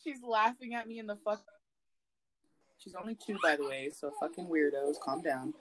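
A woman co-hosting a podcast, telling stories in casual chat, swearing a lot and swinging her pitch up and down. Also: normal speed, a crowd in the background, rough recording. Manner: profane, animated storytelling with big swings in pitch. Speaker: podcast co-host.

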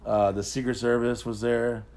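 A man's voice: medium pitch, normal speed. A man being interviewed, telling long, rambling, profane stories in a casual way. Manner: profane, rambling, animated storyteller. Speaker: interview guest. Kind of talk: casual storytelling.

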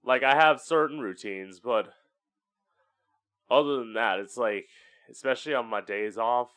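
Slow-talking chatty podcast host, a man. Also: medium pitch, a bit bright. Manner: chatty and candid, swears often, acts out voices for effect. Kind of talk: casual solo podcast monologue. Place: home.

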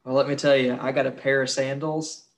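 A man's voice: medium pitch, level tone, brisk. A young man co-hosting a casual podcast, crude and joking, swearing freely. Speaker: podcast co-host.

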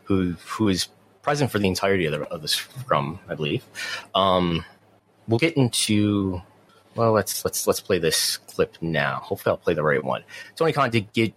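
Deep-voiced man hosting a wrestling chat. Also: a bit bright, a little hiss or hum, poor audio. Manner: halting, repeats words when starting sentences. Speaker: wrestling podcast host. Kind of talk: casual wrestling news chat.

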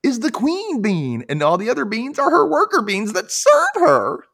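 A dim-witted cartoon cat lectures with pompous certainty, as a man acts him out. The voice sits high above normal speech and swings a lot. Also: wildly swooping pitch, normal speed, vocal fry, a bit bright, exaggerated voice.

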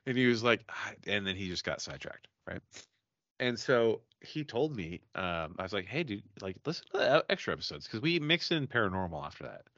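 A man hosting a casual podcast, telling a story in a loose, profane, animated way while hanging out and drinking. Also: lowish voice, fairly quick, no echo, highs cut off. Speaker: podcast host.

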